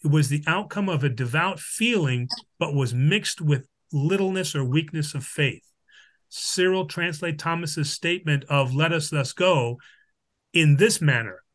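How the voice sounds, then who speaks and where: Halting man teaching a Bible lesson. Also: on the high side, fairly bright tone. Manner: halting, frequent restarts and "all right?" check-ins; explains with Greek examples.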